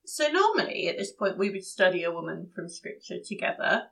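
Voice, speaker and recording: A woman's voice: lowish voice, big pitch swings, brisk, vocal fry, fairly bright tone, rough recording. A woman hosting a podcast, asking her guest questions in a friendly, casual way with some ums. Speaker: podcast host. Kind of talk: casual interview.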